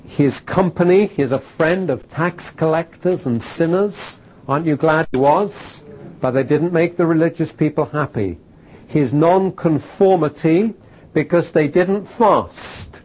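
A man teaching a Bible class, animated and repeating key phrases for emphasis, with filler "uh"s. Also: on the high side, a little slow, breathy edge, poor audio. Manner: uses fillers like "uh".

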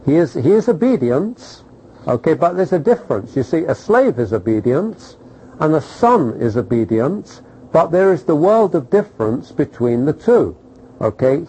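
A middle-aged man preaching a sermon, animated, throwing rhetorical questions at the congregation and checking in with "okay?". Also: fairly high pitch, moderate pace, breathy edge, rough recording.

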